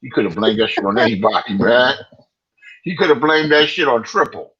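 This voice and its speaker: A man's voice: medium pitch, animated, brisk, fairly bright tone, husky. A middle-aged man in casual online chat, teasing and exclaiming, often repeating himself. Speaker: livestream commentator. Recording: slightly dull lo-fi stream audio.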